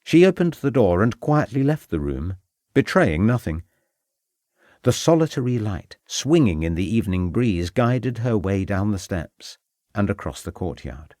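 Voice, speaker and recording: A man narrating a detective novel audiobook in a measured, expressive way. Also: fairly low pitch, no echo, studio quality. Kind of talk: scripted narration.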